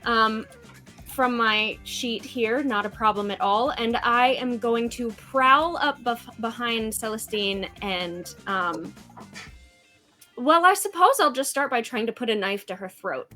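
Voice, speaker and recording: A woman's voice: on the high side, expressive, bright, forceful tone, soft background music. A woman playing in a tabletop game, playful and dramatic in her casual talk. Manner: playful and dramatic, quick laughs. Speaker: player.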